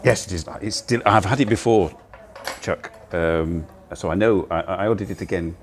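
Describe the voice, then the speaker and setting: Eating as he talks, an older man rambles casually on a livestream from a cozy cafe. His low voice moves at normal speed. It's recorded on a phone on a handheld gimbal, with a little hiss or hum.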